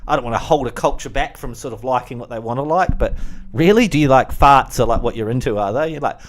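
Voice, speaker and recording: A man's voice: medium pitch, quick pace, a little hiss or hum. A man streaming on his own, rambling through a casual monologue with crude jokes, fillers and side remarks. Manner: crude, joking, full of fillers and asides.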